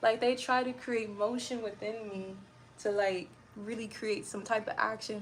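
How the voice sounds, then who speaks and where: A woman's voice: medium pitch, little pitch movement, moderate pace, vocal fry, a little hiss or hum. A young woman livestreaming and chatting casually with her viewers, blunt and irritable and rambling from one thought to the next.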